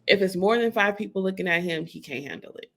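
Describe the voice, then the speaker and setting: An animated woman chatting on a motherhood podcast. She tells family stories with expressive delivery and jumps into different voices for the people in them. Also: medium pitch, fast. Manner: animated storyteller, acts out her son's voice. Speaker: podcast co-host. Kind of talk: casual chat.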